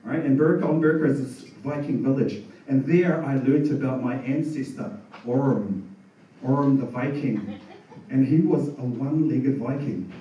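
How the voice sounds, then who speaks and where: A man's voice: medium pitch, unhurried, warm tone, dull audio, slight background noise. A man doing laid-back stand-up comedy, telling stories on a bar stage. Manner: laid-back storytelling, chuckles at his own jokes. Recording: echoey bar room from far off.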